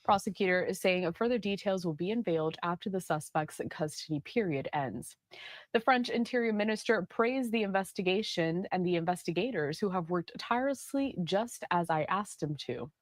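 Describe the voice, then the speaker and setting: A woman reporting the news in a steady, measured, scripted delivery. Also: on the low side, no echo.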